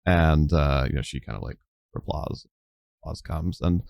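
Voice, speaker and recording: A man's voice: very deep voice, normal speed, creaky, a little mellow, no echo, studio quality. A man narrating a tabletop game as game master, rambling with many fillers.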